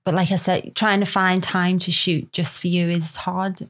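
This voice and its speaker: A young woman with a thick Liverpool accent talks casually on a podcast. She sounds laid-back and hesitant, trailing off and using many fillers. Her voice sits slightly low for a woman. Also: little pitch movement, normal speed, fairly bright tone. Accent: Liverpool (Scouse). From Liverpool, England. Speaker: photographer guest.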